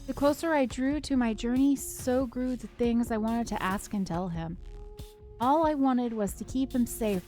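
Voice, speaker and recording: A woman voicing a gentle, wistful woman who is saying goodbye, read in a soft, reflective way. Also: on the high side, lightly acted.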